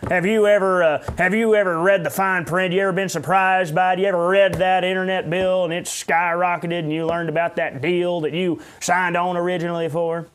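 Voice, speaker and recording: A man's voice: high-pitched, flat delivery, brisk, hardly any pauses, fairly bright tone, smooth, pitched above the performer's own voice. A man putting on a blustery, drawling Southern preacher voice.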